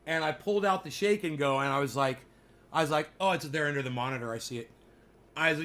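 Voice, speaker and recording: A man talks casually to his viewers in a bright, fairly high voice, spinning animated stories full of swearing and joking asides. A faint background hum sits under his voice. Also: fast. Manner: animated storytelling, frequent swearing, jokey mock-advert asides. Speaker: streamer. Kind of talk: casual rambling chat.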